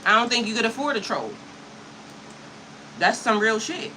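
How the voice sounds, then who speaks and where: A woman's voice: fairly high pitch, expressive, normal speed, pushed and bright, slight background noise, rough recording. A woman in her fifties, livestreaming to her chat in a sassy, profane way, with frequent laughter, talking into a computer mic. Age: 50s. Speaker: spiritual coach livestreaming to chat.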